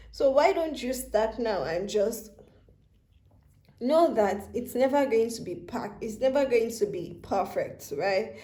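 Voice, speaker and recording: A woman with a mid-range, dark-toned voice gives a channeled tarot reading, calling the listener "baby" and "love" with tender emotion. She is tearful and close to crying. It was recorded on a handheld phone camera in a reverberant space.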